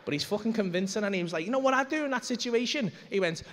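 Male stand-up, high-pitched, rapid, sweary storyteller; live club reverb, faint room noise. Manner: animated, sweary, acts out quoted voices. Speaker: stand-up comedian. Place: comedy club stage.

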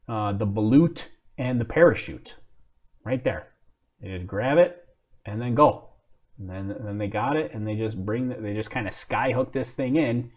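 A man with a fairly low voice hosts a live stream in a loose, casual way. He thinks aloud and answers viewer comments as they come in. He often apologizes with a self-mocking humor. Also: a little mellow. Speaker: livestream host.

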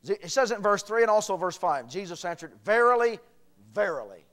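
A man preaching a sermon as pastor, swinging from quiet earnest talk to shouted emphasis. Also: high voice, lively intonation, fast talker. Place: church sanctuary.

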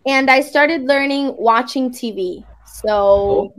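A woman tutors English in a relaxed video-call chat. Her voice sits a little high, and she speaks slowly. Her is Spanish, and she tells stories in a friendly way. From Puerto Rico. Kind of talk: casual conversation lesson on a video call.

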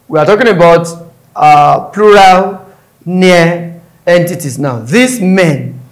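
A male tutor giving an exam-prep English lesson, explaining stress patterns step by step and repeating words and syllables aloud. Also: on the high side. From Nigeria.

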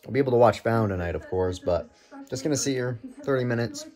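A man vlogging from home, calling his baseball video game like a play-by-play announcer and getting excitable at the big moments. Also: mid-range voice, quick pace. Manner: excitable, shouts and laughs at big plays. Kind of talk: play-by-play style game commentary.

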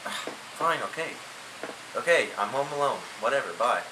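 A man's voice: mid-range voice, animated, normal speed, natural voice. A young man acting in an amateur short film, playing a whiny young guy home alone who grumbles and talks to himself. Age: young adult. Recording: noisy amateur home video.

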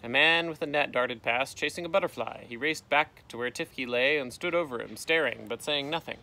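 A man, a teacher, reading a storybook aloud outdoors, with lively voices for the characters and a gentle sign-off. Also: medium pitch, fairly quick, vocal fry. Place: outdoors in a canoe.

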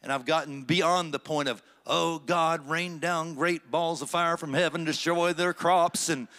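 A middle-aged man, a pastor, preaching a sermon with dramatic slow phrases and rising emphasis. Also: on the high side, fairly even intonation, bright, forceful tone.

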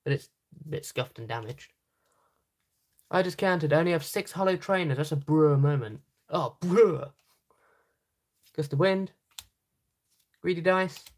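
A woman's voice: deep voice, unhurried, long pauses, a little mellow. A British woman hosting a casual card-sorting video, making dry, teasing asides. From Britain. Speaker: channel host. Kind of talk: casual unboxing chat while sorting cards.

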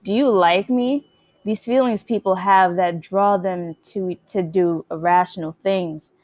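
A woman reading out the lines of an eerie self-aware girl from a computer game, in a soft, low, measured voice. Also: no room sound, close to an everyday voice. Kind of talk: reading game dialogue aloud.

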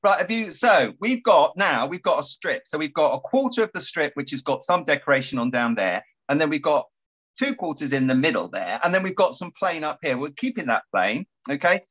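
A man guiding a paper craft tutorial, chatty and quick to laugh. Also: a little high, poor audio. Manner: animated, giggly and chatty. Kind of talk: casual craft tutorial chat.

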